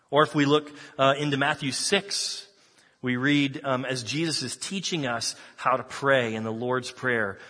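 A man preaching a sermon as pastor, talking in a relaxed conversational way with fillers and restarts. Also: medium pitch, breathy edge, long reverb tail.

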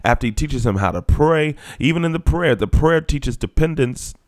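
A man preaching a sermon who reads scripture aloud, explains it in plain words, and slows down and drops low to stress a point. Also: animated, a little mellow, no echo, studio quality.

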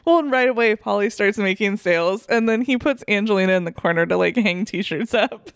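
A woman co-hosting a podcast, casual and agreeable, often chiming in with quick "yeah"s. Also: mid-range voice, smooth, dry recording, clean studio sound. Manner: giggly, agreeable backchannels. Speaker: podcast co-host. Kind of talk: casual chat, TV show recap.

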